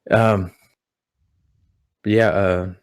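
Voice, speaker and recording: A young man telling personal stories in a relaxed, rambling way, full of "you know". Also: low-pitched, drawn-out words, clear, resonant tone. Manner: rambling, repeats words, many "you know"s. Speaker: guest. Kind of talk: casual podcast storytelling. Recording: audio-only podcast.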